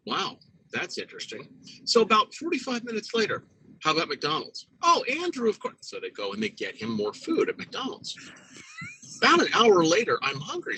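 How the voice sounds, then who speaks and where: Lively, husky-voiced man telling a story. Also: low-quality recording. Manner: animated, profane, jumps into high voices for quotes. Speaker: podcast co-host. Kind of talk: casual storytelling.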